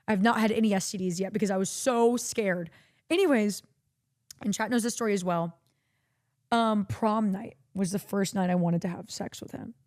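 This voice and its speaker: With a medium-pitched voice and a moderate pace, a young Texan streaming host chats casually through a story. She gets animated, swears freely and raises her voice to act out what people said.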